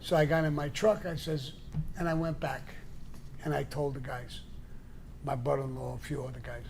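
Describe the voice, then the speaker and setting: Gravelly older man. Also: medium pitch, fairly even intonation, normal speed, a little mellow, slight background noise. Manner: blunt, profane, acts out the people in his stories. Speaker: show guest storyteller. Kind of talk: casual storytelling.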